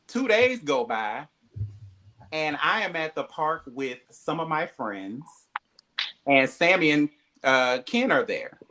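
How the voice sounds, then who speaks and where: Man, reality-show cast member, lively storyteller, bright tense tone. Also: fairly high pitch. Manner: animated, acts out quoted dialogue, profane. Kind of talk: animated storytelling.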